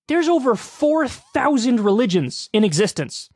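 A man hosting a political commentary show, talking casually with sarcastic, mocking, animated rants. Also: high-pitched, normal speed, few pauses, no echo, studio quality.

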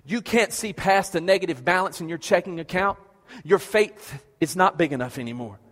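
A man's voice: high-pitched, moderate pace, a bit bright, in a large hall. A man preaching a passionate sermon as pastor, repeating questions and stammering through restarts.

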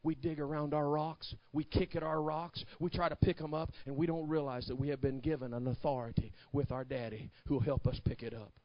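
High-voiced preacher, shouting and hushing. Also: male voice, little pitch movement, brisk, few pauses, no echo, lo-fi sound. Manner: preaching with shouted climaxes, then hushed storytelling. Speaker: pastor. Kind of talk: sermon.

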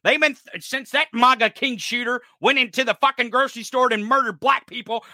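A male podcast host delivering an angry, profane political rant, often shouting. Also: very high-pitched, steady tone, brisk, hardly any pauses, no echo, studio quality.

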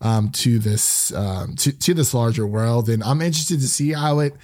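A man's voice: mid-range voice, normal speed, a little mellow, no echo. A young man hosting a casual review podcast, rambling with lots of fillers. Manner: rambling, heavy use of fillers like "um" and "you know". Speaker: podcast host.

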